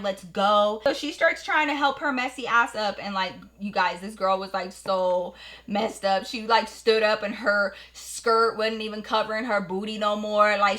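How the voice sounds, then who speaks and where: A woman beauty vlogger telling a story while doing her makeup at home, in an animated, profane, slangy way. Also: medium pitch. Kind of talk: get-ready-with-me storytime.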